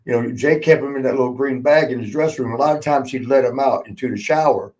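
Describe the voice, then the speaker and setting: An older man spins backstage stories in loose, casual podcast talk. He laughs a lot and swears freely, and he acts out the people he quotes. His voice sits at a middle pitch. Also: fast, a little mellow. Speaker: podcast host, former wrestler. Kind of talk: casual storytelling chat.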